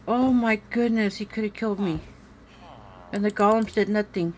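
A woman's voice: mid-range voice, normal speed, a little mellow, slight background noise, rough recording. A woman hosting a horror game let's-play, jumpy and full of exclamations, talking straight to her viewers. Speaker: gaming channel host.

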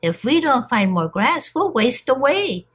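Little storybook billy goat, young and male, high and piping, lively, as a woman reader puts him on. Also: a little slow, slightly rough, exaggerated voice. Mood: worried.

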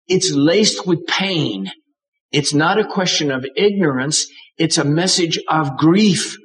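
Slow, emphatic older preacher man. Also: on the high side, fairly bright tone, poor audio. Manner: dramatic, acts out voices of God and characters. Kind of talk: sermon.

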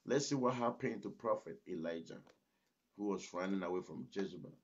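A man's voice: low-pitched, a little fast, slight background noise. A man preaching a sermon as pastor, emphatic and exhorting, often breaking in with "listen". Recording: dull lo-fi recording.

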